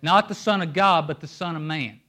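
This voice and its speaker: A man's voice: fairly high pitch, normal speed, sharp tone. A man preaching a sermon on a microphone, emphatic and pulling listeners in with questions. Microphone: handheld microphone.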